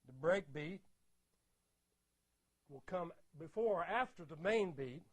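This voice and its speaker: An older man lectures on music, explaining rhythm and counting out beats with steady emphasis. His voice sits a little higher than most men's. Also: takes it slowly. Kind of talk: spoken lecture with audio clips.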